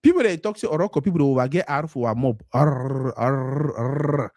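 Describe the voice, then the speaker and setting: A man's voice: on the high side, very animated, racing, a little mellow, dry recording, studio quality. A man from Cameroon with a Cameroonian Pidgin English accent, hosting a live stream in a casual monologue that slides between Pidgin and English. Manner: mixes Pidgin and English, acts out quoted voices.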